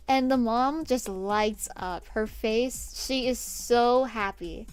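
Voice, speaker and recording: A woman's voice: a little high, normal speed, smooth, soft background music. A young woman streamer telling a story in a chatty, self-mocking way, laughing often. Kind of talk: casual storytime while drawing.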